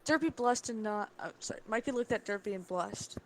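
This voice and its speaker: A woman's voice: mid-range voice, brisk, low-quality recording. Young woman stumbling through a silly story. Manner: stumbling, laughing reading. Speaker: reader. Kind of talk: comedic dramatic reading.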